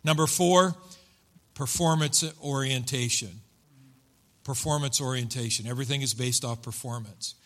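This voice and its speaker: A man's voice: medium pitch, moderate pace, a bit bright. A man preaching a sermon, retelling a story and acting out the quoted voices with animation. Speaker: pastor.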